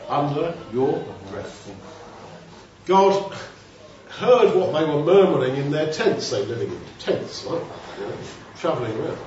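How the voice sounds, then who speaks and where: A man's voice: a little high, darkish tone. Man, preacher, sermon, rhetorical questions, dull distant recording, faint room noise. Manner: conversational, rhetorical questions, acts out quotes. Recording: very echoey hall, distant mic, dull sound.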